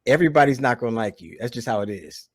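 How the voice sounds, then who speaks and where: A man's voice: medium pitch, expressive, fast. A man hosting a casual podcast, mostly backing up his guest with short agreeing remarks. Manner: agreeable listener, short affirmations. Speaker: podcast host.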